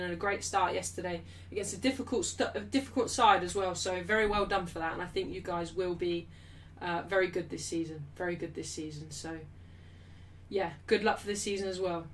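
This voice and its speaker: Young English woman host, brash and sweary, bright forceful voice, slightly off-mic. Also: mid-range voice, distant mic, a little hiss or hum. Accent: English, not Mancunian. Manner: blunt, swears freely, loud and defensive, then apologetic. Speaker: livestream host of a football watchalong. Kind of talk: casual live chat reading super chats.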